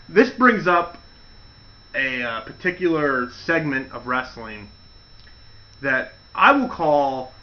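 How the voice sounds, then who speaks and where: A man telling a wrestling story in a casual monologue, acting out the quotes with mocking voices. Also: medium pitch. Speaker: wrestling commentary host. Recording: dull lo-fi audio.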